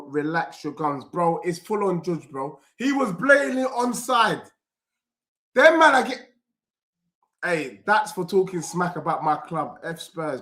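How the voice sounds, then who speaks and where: Young guy streaming a match, loud and excitable, voice jumps all over, bright and high. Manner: excitable, loud, reads chat messages aloud. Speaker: football watchalong streamer. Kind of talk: live match reaction with chat.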